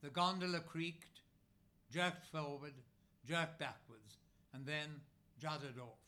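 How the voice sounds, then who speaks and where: A man reading a literary novel aloud as narrator, in measured phrases with frequent pauses. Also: on the high side, steady tone, sharp tone. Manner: measured, pausing often between phrases. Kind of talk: scripted narration.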